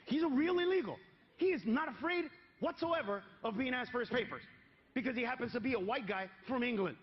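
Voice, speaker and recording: A male stand-up comedian performing an animated set on stage, shouting his punchlines. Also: very high voice, brisk. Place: comedy stage before a live audience. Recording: dull live stage recording, audience noise.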